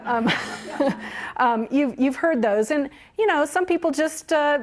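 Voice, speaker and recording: A woman leading a training workshop for museum guides, lively and encouraging, who laughs often as she teaches. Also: mid-range voice.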